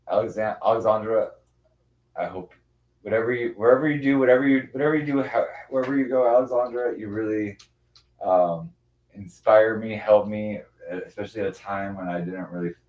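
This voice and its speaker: Male streamer, fairly low pitch, loose rambling chat, stops often to coo at his cats. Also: darkish tone. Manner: rambling, many restarts, coos at his cats. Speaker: livestreamer. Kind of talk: casual rambling livestream chat.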